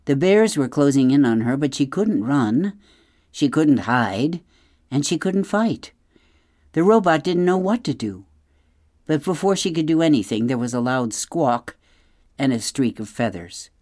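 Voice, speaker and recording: A middle-aged woman reading a children's novel aloud on radio, expressive and speaking straight to the listener, then signing off as host. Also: rumbling low, a little slow, no room sound, clean studio sound.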